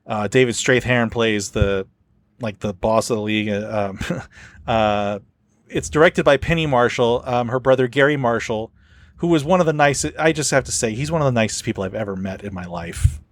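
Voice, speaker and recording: A man's voice: medium pitch, normal speed. A man hosting a casual podcast chat, rambling with many fillers as he tells stories. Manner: rambling, filler-heavy storytelling. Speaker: podcast host.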